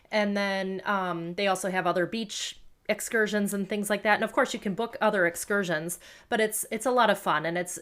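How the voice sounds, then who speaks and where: An American woman hosting a podcast tells casual travel stories, chatty and rambling with many fillers. Her voice is medium-pitched and a bit bright.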